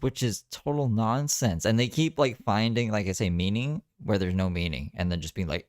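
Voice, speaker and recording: A man's voice: lowish voice, fast talker, few pauses, no echo, studio quality. A man streaming live and reacting to videos in casual, mocking commentary, swearing freely.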